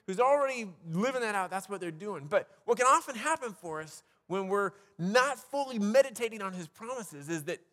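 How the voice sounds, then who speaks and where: A man's voice: high voice, lively intonation, fairly quick, few pauses, a bit bright, in a large hall. A man preaching a sermon as a pastor, talking conversationally with restarts and rhetorical questions.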